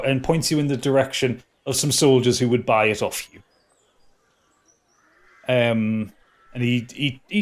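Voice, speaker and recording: A man narrating as game master, stopping and restarting often. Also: medium pitch. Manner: halting, full of restarts and fillers.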